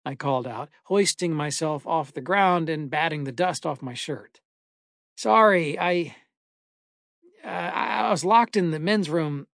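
A man reading a first-person horror story aloud in a measured, dramatic way. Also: on the high side, creaky, dry recording, clean studio sound. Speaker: narrator. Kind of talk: scripted horror story narration.

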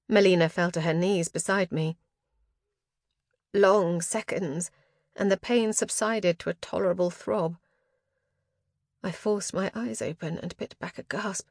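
A woman reading a first-person fantasy novel aloud, expressive and dramatic, with tense rises at moments of action. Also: medium pitch, no echo, studio quality. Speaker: audiobook narrator.

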